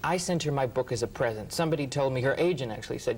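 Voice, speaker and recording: A man, a writer and interview guest, telling lively anecdotes and acting out what others said. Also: mid-range voice, fast talker, a little hiss or hum, poor audio. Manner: animated, acts out quotes, laughs often. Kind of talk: anecdotal storytelling.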